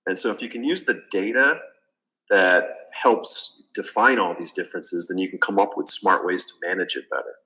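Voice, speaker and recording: Low-voiced man with a bright, forceful tone. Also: moderate pace, rough recording. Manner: earnest storytelling with fillers and restarts. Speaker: guest, business consultant. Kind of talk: casual interview.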